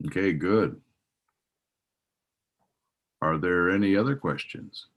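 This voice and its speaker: A man moderates an industry webinar, taking questions and running the schedule in a loose, rambling way full of fillers. His voice sits low in pitch. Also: takes it slowly. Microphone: video call.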